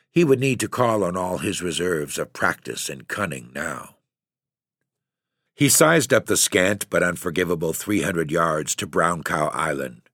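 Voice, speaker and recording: A man reading a literary story aloud in a measured, steady narration. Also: low voice, no echo, studio quality. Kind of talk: scripted audiobook narration.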